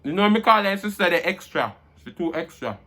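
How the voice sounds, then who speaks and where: A man's voice: sits high, animated, a little fast, sharp tone. A Jamaican man chatting casually during a food-review mukbang, humming and murmuring between bites.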